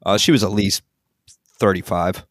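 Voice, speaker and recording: Laid-back low-voiced filmmaker telling set stories. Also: male voice, moderate pace, no echo. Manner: relaxed anecdotes, frequent ums and laughter. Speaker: filmmaker guest. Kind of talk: casual podcast storytelling.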